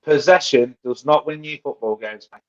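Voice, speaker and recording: A man's voice: mid-range voice, moderate pace. A man co-hosting a casual podcast, ranting and mocking with plenty of swearing. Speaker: co-host. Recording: dull lo-fi sound.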